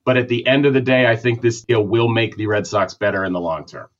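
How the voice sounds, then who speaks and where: A man's voice: mid-range voice, fairly even intonation, fairly quick. Man, Boston accent, opinionated rambling rant, dull lo-fi sound. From Massachusetts. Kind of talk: casual sports talk.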